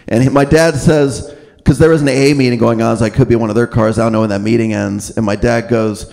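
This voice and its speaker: A man doing a stand-up comedy set on a club stage, telling deadpan stories full of swearing and quick put-on voices. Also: mid-range voice, gravelly. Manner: deadpan storytelling, swears, acts out other voices. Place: comedy club stage before a live audience.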